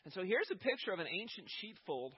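A man with a husky, slightly high voice preaches in an easy, conversational way, swelling into more forceful emphasis at key points. The recording sounds dull and lo-fi. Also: sing-song, fast. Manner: conversational preaching, rising with emphasis when voicing God. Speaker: pastor. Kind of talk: sermon.

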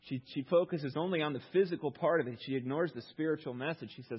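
Brief: male pastor, husky voice, storytelling sermon, slightly dull recording. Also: medium pitch, fast talker, few pauses. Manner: storytelling, animated retelling with rhetorical questions.

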